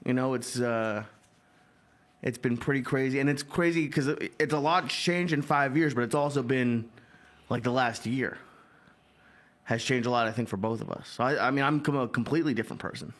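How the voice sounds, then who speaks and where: A man's voice: medium pitch, moderate pace. A man in his thirties, a comedian co-host, talking earnestly and rambling in casual chat with lots of "like". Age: 30s. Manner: earnest, rambling, heavy on filler "like".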